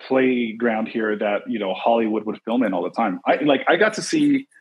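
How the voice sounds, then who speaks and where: A middle-aged man from Los Angeles, a guest in a casual interview, who tells stories in an animated way over a video call. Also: mid-range voice, normal speed, breathy edge, highs cut off. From Los Angeles, USA. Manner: animated storyteller, acts out quotes. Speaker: interview guest, actor and producer.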